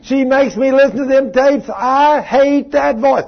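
A preacher acting out a demon-possessed woman who spits out slow, drawn-out hateful words. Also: very high voice, vocal fry, dull audio, pitched above the performer's own voice, full character voice.

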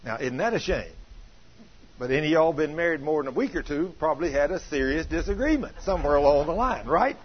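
A man preaching a sermon in church, asking the congregation questions and swinging between low, quiet asides and loud outbursts. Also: lively intonation, fast, husky. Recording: dull lo-fi sermon recording.

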